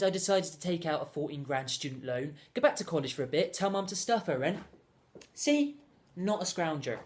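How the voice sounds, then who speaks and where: A young man delivering a deadpan, rambling comedic monologue as a self-absorbed character. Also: fairly high pitch.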